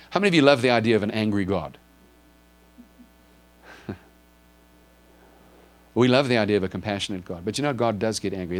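A man preaching a sermon to a congregation, earnestly explaining and asking his listeners direct questions. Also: on the low side. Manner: explains with a drawn board, asks if listeners follow. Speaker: pastor.

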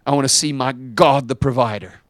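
A man preaching a sermon as pastor, dramatic, swinging from quiet asides to shouted lines. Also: medium pitch, a little fast, no echo.

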